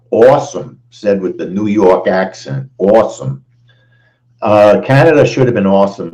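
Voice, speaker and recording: A man's voice: lowish voice, a little mellow, lo-fi sound. A man hosting a live trading stream, going over the results in an emphatic way and repeating his phrases. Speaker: trading show host. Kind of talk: live-stream trade recap.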